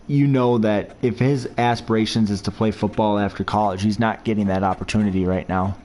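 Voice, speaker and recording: A man chats his way through a football video game, rambling and reminiscing between plays. His voice sits a little low, relaxed and conversational, like a fan talking to viewers at home. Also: a little fast, a little hiss or hum. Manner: chatty, rambling, reminiscing about college football. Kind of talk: casual gameplay commentary.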